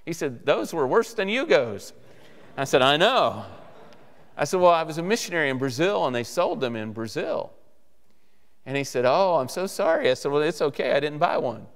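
A male guest preacher delivering a sermon, telling stories and acting out the dialogue with lively shifts. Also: on the high side, normal speed. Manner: animated storyteller acting out dialogue. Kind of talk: sermon storytelling. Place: church sanctuary. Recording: church hall reverb.

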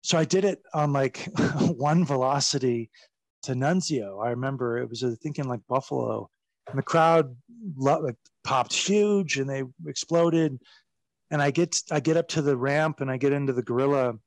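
A man telling backstage stories as a guest in a casual interview, animated and profane, laughing as he goes. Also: mid-range voice, normal speed, no room sound. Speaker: guest recounting his wrestling career.

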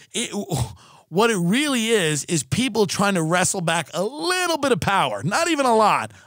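Sarcastic, high-voiced male podcast host. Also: no room sound, studio quality. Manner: sarcastic, profane, animated. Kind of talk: comedic rant.

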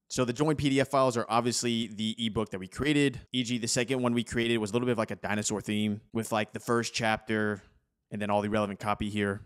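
A young man hosting a casual tech tutorial, upbeat and chatty, who says "y'all". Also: on the low side. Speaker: host.

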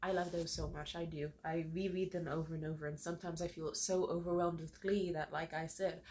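A woman's voice: fairly low pitch, a little mellow. A young woman vlogging at home, crying happy tears and gushing about her gratitude to her viewers, laughing through it. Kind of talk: emotional direct-to-camera vlog. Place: home room.

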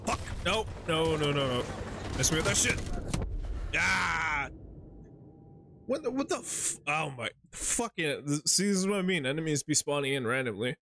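A man's voice: on the high side, animated, normal speed, vocal fry, bright, forceful tone. A man streaming a shooter game, giving joking, profane running commentary as he plays. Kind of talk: casual gaming commentary.

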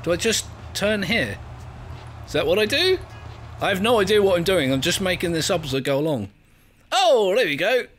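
Lively English man playing a game. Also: high voice, normal speed, a little hiss or hum. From England. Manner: chatty, self-mocking, laughs often, reads on-screen text aloud. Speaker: gaming video creator. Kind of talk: let's play commentary.

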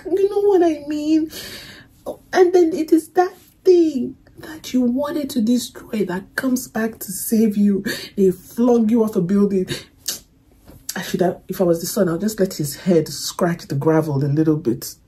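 A young woman casually talking through her reaction to a movie, emotional and soft-spoken, fond with her viewers. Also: medium pitch, unhurried, slightly rough, rough recording.

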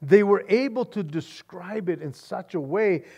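High-voiced excitable pastor. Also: male voice, measured pace, gravelly, husky, dull audio. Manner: excited, repeats words, says "man" a lot. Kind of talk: expository sermon.

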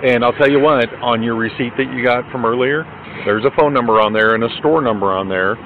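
A male police officer questioning and calming an upset woman, brisk and reassuring, recorded outdoors on his body camera. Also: medium pitch. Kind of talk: calm on-duty questioning. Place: outdoors by a fast-food restaurant. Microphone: body camera worn by him. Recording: tinny body-cam audio, street noise.

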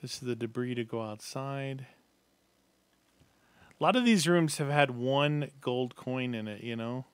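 A man's voice: medium pitch, a little slow, long pauses, smooth, no echo. A man co-hosting a gaming channel, chatting casually and playfully while exploring a zombie map. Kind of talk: casual gameplay chat.

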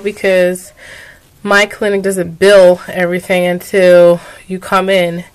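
A woman's voice: fairly low pitch, little pitch movement, slow pace, clear, resonant tone. A young adult woman talking through her video diary, weary and emotional, rambling. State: tired. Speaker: vlogger.

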